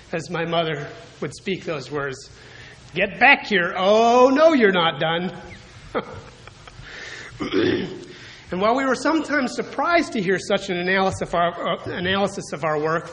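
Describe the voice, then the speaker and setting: A man with a notably high voice preaches a sermon from the pulpit. His delivery is measured and deliberate, and he clears his throat often between phrases. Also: poor audio. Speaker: pastor.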